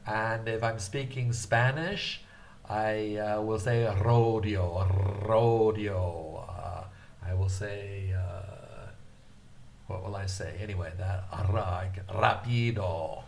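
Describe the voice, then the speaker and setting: An older man teaching a beginner language lecture, speaking patiently with frequent hesitations and carefully drawn-out syllables. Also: on the low side, slight background noise.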